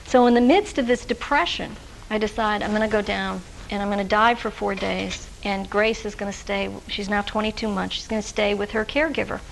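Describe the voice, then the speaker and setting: A woman's voice: medium pitch, fairly even intonation, brisk, gravelly, slight background noise, poor audio. A woman presenting a workshop lecture to social workers, talking in a conversational way with fillers and restarts. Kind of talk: recorded workshop lecture with personal anecdotes. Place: lecture room with a live audience.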